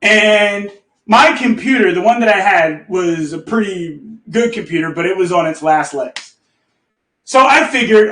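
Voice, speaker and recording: High-voiced man telling a story in an echoey room. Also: moderate pace, recorded from a distance. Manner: animated, laughs often, swears, keeps asking "okay?". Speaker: host. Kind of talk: casual storytelling to a community.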